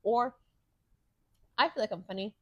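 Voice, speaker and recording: Close-miked with no room sound, a young woman hosting a podcast gives a casual monologue in a medium-pitched, slightly slow, darkish voice, with the highs cut off. Her storytelling is candid and profane, turning heated during rants.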